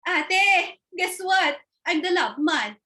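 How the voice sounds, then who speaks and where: A woman, voicing a clingy, love-hungry younger sister with a high, gushing voice. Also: expressive, slow pace, pushed and bright, full character voice.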